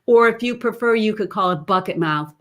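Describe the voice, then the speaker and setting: A woman's voice: medium pitch, fairly quick. A woman voice teacher giving an online webinar lesson over a computer mic, chatty and explaining as she goes. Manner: chatty, demonstrates sounds and sung snippets mid-explanation.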